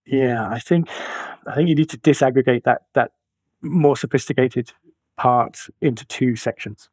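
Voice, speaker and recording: A man's voice: mid-range voice, moderate pace, a little mellow, no room sound. A man in his forties, a financial planner being interviewed, talking emphatically and reaching for colourful analogies. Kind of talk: conversational interview.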